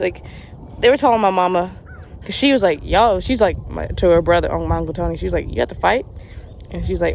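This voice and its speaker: A young Southern American woman, a camp counselor and vlogger, tells a rambling story while chatting outdoors in the sun in a rural spot, full of restarts and fillers. Her fairly low voice carries vocal fry and is a little mellow, with a touch of hiss or hum.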